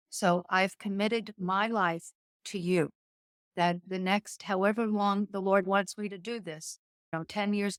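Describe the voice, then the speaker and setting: A woman's voice: medium pitch, no echo. A woman speaking as a podcast guest, with an earnest, motivational delivery. She takes her time over the words she wants to land. Her voice sits in a middle register and is recorded close and dry. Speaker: guest entrepreneur. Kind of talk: faith-based business interview.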